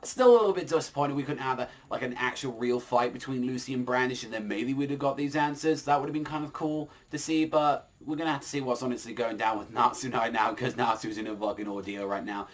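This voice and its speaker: A man's voice: mid-range voice, fast, few pauses. A man reviewing a manga chapter in a casual, rambling way, full of fillers and swearing.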